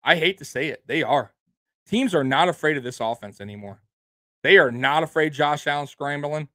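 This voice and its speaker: A man's voice: fairly high pitch, animated, moderate pace, sharp tone, no room sound. A man hosting a sports show, ranting angrily about his team with lots of swearing, repeating himself and tacking "man" and "bro" onto his lines. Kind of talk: angry sports rant.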